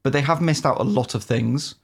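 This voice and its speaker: A man's voice: mid-range voice, a little fast, creaky, breathy edge. A man co-hosting a casual gaming podcast, wry and opinionated, sometimes reading out a review, often laughing. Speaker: podcast co-host. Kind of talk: casual gaming chat, partly read review.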